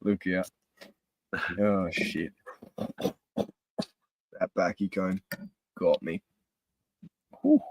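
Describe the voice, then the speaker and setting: A man's voice: sits low, fairly even intonation, drawn-out words, long pauses, a little mellow, a little hiss or hum. A young Australian man chatting on a live stream, laid-back and sweary, laughing a lot. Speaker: livestream host. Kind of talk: casual live-stream chat.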